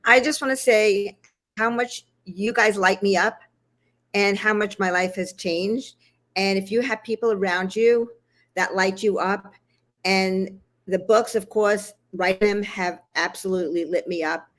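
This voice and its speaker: A woman's voice: mid-range voice, fairly even intonation, measured pace, a bit bright. A woman guest on a video call speaking in a heartfelt, grateful way. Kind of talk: casual livestream chat.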